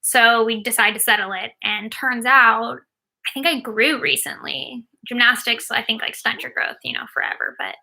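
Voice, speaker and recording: Woman, 30s, sports agent, casual Q&A, chatty, lots of ums, very bright, fry-laced. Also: on the high side, expressive, normal speed. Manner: chatty, answers viewer questions with frequent ums and likes. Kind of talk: casual Q&A while watching a game.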